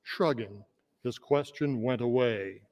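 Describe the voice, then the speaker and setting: A man's voice: medium pitch, slow, a little mellow. A man, a state senator, reading a children's fable aloud in a playful storytelling manner during floor debate. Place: legislative chamber. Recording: long reverb of a large chamber.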